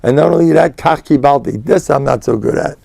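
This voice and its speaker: Older american rabbi rambling thru a torah class, lots of yiddish words, gravelly dark voice. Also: male voice, fairly high pitch, a little fast, no room sound. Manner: digressive, animated storytelling with Yiddish and Hebrew terms. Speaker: rabbi and spiritual mentor. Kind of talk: Torah lecture.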